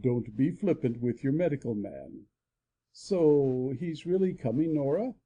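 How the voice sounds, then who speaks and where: A man's voice: medium pitch, expressive, measured pace, dark tone. A man voicing a country doctor who teases with mock seriousness in a full-cast audiobook. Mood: dryly teasing. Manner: dry mock-serious teasing. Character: joking, grave older country doctor.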